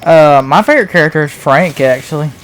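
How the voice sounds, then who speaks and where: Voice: mid-range voice, lively intonation, a little fast, soft background music. Laid-back speaker chatting during a game. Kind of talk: casual chat while playing a game.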